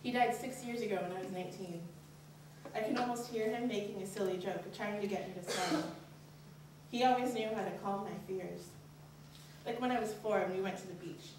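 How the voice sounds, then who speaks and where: A young woman tells a true story from a stage, speaking earnestly and frankly, her pitch leaping up whenever she voices her worried thoughts. Her voice sounds distant and bounces around a very reverberant hall. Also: background noise. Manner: earnest, candid, pitch rises sharply on anxious inner questions. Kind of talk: live personal storytelling. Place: college stage at a live showcase. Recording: very echoey hall, voice from far off.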